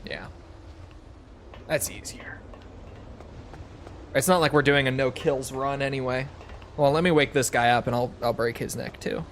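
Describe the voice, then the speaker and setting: A man's voice: mid-range voice, fairly even intonation, unhurried, pauses often, a bit bright, slight background noise. Chatty male gamer narrating play. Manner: chatty, joking, thinking aloud. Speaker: gaming video creator. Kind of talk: casual gameplay commentary.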